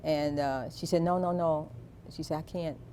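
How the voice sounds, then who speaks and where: A woman being interviewed, telling a personal family story in a slow, soft, reflective way. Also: low-pitched, steady tone, slight background noise.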